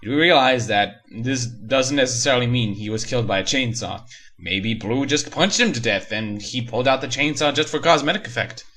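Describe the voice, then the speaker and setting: A man's voice: mid-range voice, normal speed, a bit bright. A man reading and mocking a horror story in a sarcastic, profane comedic rant. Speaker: creepypasta reviewer. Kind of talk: comedic creepypasta reading and review.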